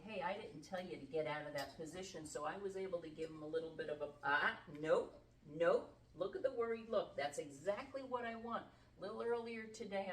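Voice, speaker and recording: A middle-aged woman dog trainer giving a casual instructional demonstration, explaining in a conversational way with everyday comparisons. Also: on the low side. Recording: roomy sound from a distant mic with faint background noise.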